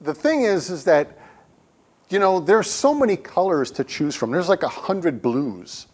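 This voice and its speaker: A man's voice: high-pitched, big pitch swings, measured pace. A man, a guest speaker, giving a conversational sermon in a church with humorous stories. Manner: humorous storytelling, acts out quotes. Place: church sanctuary.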